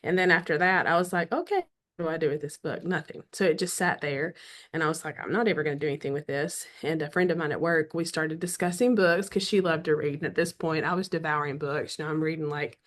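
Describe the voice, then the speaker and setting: Guest author: middle-aged Southern woman, lowish voice, chatty and animated, voices others' lines, clears her throat now and then. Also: quick pace. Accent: Southern American. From American South. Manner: animated, acts out quoted dialogue, frequent throat clearing. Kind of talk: casual storytelling interview.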